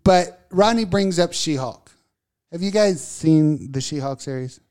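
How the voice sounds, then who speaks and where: Mouthy male co-host, profane and ranty, slightly high voice. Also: animated, unhurried, a little mellow. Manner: profane, ranting, laughing. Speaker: podcast co-host. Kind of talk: casual comedic rant.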